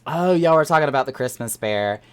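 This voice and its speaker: A streamer talks games with live viewers in a clear, resonant, mid-range voice. Excitable and quick to laugh, the delivery is animated, though words sometimes trail off or get repeated mid-search.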